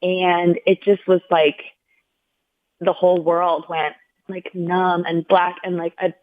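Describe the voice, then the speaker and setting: A woman podcast guest earnestly retells a personal story in a conversational interview, using "like" constantly and acting out the people she quotes in raised voices. Her voice is fairly low, level and slow, with no echo. The audio is tinny and dry, like a phone line.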